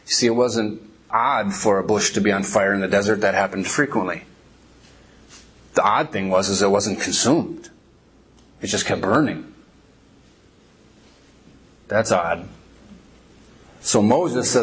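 A middle-aged man preaching as a pastor, telling a funny story with lively energy before reading and explaining Scripture. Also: medium pitch, moderate pace, long pauses. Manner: animated storyteller, laughs while telling. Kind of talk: sermon with storytelling.

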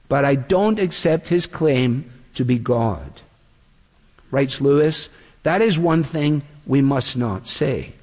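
A man preaching an earnest expository sermon. He slows down when he quotes scripture. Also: fairly high pitch, darkish tone, long reverb tail.

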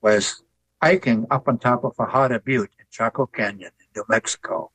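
An older man, an author and artist, telling stories in a relaxed, folksy interview. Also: medium pitch, moderate pace, slightly rough, dry recording, rough recording. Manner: folksy, tells jokes with put-on voices.

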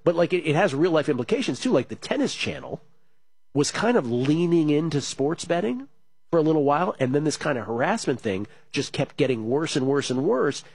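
A man hosting a sports betting radio show, talking fast and animated, reading listener messages aloud in a studio. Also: fairly high pitch, breathy edge, no room sound. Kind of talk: casual radio talk.

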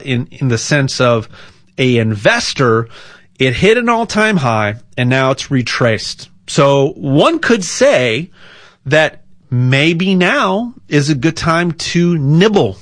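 Slow, rambling man pitching gold. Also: a bit bright, no echo, clean studio sound. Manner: rambling, repeats words, jokey asides. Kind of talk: casual promotional talk.

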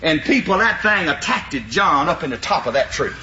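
A man's voice: on the high side, a little fast, hardly any pauses, a little hiss or hum. An older man with a drawl, telling a folksy story to an audience and laughing as he goes. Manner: drawling, animated, laughing through the tale. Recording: dull lo-fi recording in a roomy hall.

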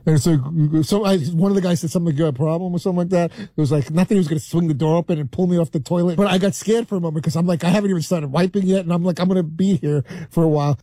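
A man with a New York accent, a regular on a radio show, telling a story in halting bursts with many restarts. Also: high voice, fairly even intonation, dark tone, dry recording. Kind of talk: rambling storytelling.

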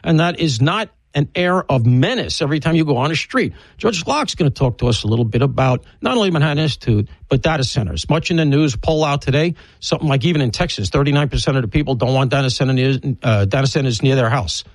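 Blunt, rambling New radio host. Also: male voice, mid-range voice, expressive, fast talker, few pauses, dry recording, poor audio. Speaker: radio talk show host. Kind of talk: casual monologue previewing guests. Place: broadcast studio.

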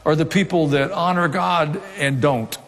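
A middle-aged pastor preaching a sermon, conversational, with asides and dry humor. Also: male voice, fairly high pitch, measured pace, a bit bright. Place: church sanctuary. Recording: long reverb of a hall.

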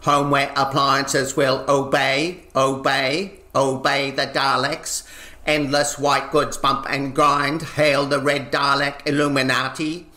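Aussie guy doing slow deadpan spoken-word poetry, lots of chanted repeats, echoey room. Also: mid-range voice. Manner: rhythmic, deadpan repetitions. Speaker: performance poet. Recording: roomy echo.

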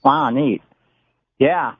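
A man's voice: mid-range voice, drawn-out words, slightly rough, no room sound. A man calling into a radio show, talking in an easygoing way. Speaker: caller. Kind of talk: phone-in chat. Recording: tinny phone line.

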